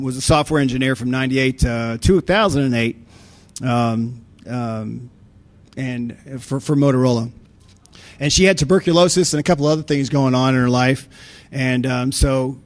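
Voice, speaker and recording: A man giving a conference talk, telling blunt, folksy stories with many restarts and fillers. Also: medium pitch. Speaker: conference speaker on insider threats.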